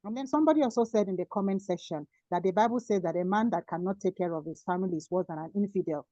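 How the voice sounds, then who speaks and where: A woman's voice: on the low side, quick pace, dark tone, dry recording, dull audio. A woman making emphatic points as a panelist summing up an online panel discussion over a video call. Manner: emphatic, explaining and repeating points.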